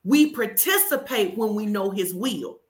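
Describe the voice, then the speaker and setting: A woman pastor preaching in a conversational sermon, forceful and urging listeners directly. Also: mid-range voice, animated, unhurried.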